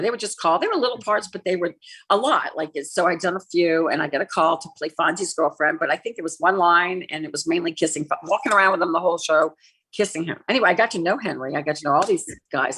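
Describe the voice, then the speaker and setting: A woman's voice: low voice, husky. A woman in her sixties, an actress and former TV host, telling an aggrieved personal story as an interview guest and acting out the dialogue. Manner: animated, acts out quoted dialogue; candid, aggrieved.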